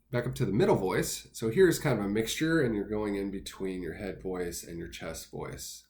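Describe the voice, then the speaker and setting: A man teaching singing basics in a relaxed, step-by-step way, pausing with fillers between his explanations. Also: lowish voice. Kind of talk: instructional talk with sung demos.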